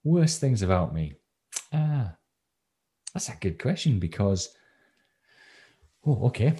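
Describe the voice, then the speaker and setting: A man's voice: on the low side, sing-song, slow pace, dark tone, breathy edge. A man from England, a coach being interviewed on a podcast, talking casually with many ums and restarts. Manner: hesitant, lots of ums and restarts. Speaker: confidence coach guest.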